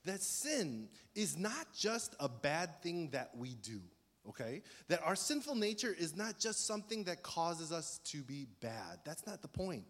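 A middle-aged man preaching a sermon as pastor, conversational and storytelling with animated emphasis. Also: on the high side, a little slow. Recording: long hall reverb.

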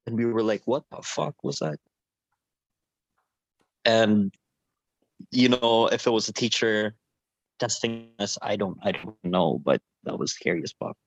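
A man's voice: fairly low pitch, normal speed, no room sound. Young guy telling a wild story with his buddies, swears a lot, dry dull mic. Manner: animated, swearing, acts out quotes. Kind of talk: casual storytelling among friends.

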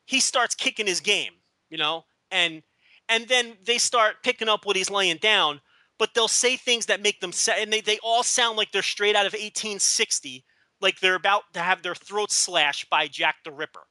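A man's voice: high voice, moderate pace, bright, forceful tone, dry recording. A man co-hosting a podcast, chatting casually and rambling, with lots of stammered restarts and mocking asides. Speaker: podcast co-host.

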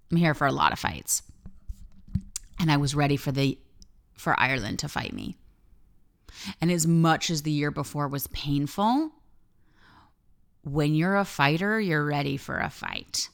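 A woman with a low, smooth voice talks through a reflective personal monologue as a life coach hosting her own podcast. She is candid and emphatic and swears freely. Her delivery stays clear and resonant throughout. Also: a bit bright.

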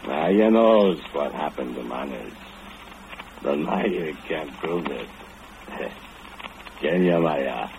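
A man's voice: very deep voice, lively intonation, slow, creaky, long pauses, a little mellow, full character voice. An actor playing a drunken, brooding male foundry laborer who speaks broken English and chuckles darkly, in old radio drama style. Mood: taunting. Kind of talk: 1940s radio acting. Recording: tinny old radio broadcast, hiss.

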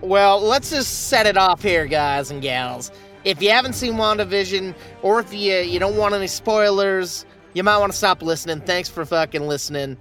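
A man's voice: high-pitched, normal speed, fairly bright tone, faint music behind. A man co-hosting a podcast, reviewing shows in loose, profane casual chat. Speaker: podcast co-host.

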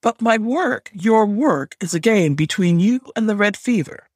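A cold, imperious goddess grandmother speaks in a hard, demanding tone, as a male narrator puts her on. The voice sits a little high and slightly husky. The audiobook sound is close and dry. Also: expressive, unhurried, no echo. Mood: stern. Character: stern ancient goddess grandmother, cold and commanding.

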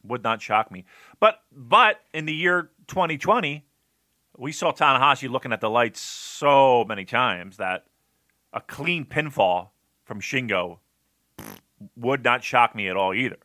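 A man co-hosting a podcast argues his opinions emphatically, restarting sentences and filling pauses. His voice is bright and forceful, and it is recorded dry and close with no room sound. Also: mid-range voice, dry recording. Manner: animated, emphatic, many repeated starts and fillers. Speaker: podcast co-host. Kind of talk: casual opinionated discussion.

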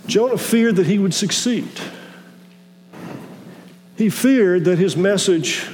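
Male pastor, high voice, measured sermon delivery with small restarts, long church-hall reverb. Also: a little mellow, a little hiss or hum. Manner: measured preaching with halting restarts.

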